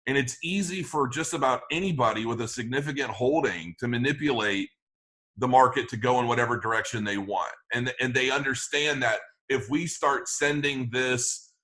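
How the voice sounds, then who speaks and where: A man's voice: medium pitch, pushed and bright. A man talking as a guest in an interview, rambling with many restarts and fillers. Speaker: crypto channel guest. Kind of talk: conversational interview.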